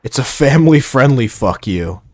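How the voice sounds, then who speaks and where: A man's voice: mid-range voice, animated, normal speed, a little mellow. Playful rambling male game streamer. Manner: rambling and playful, reads chat aloud. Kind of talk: casual live gameplay chat.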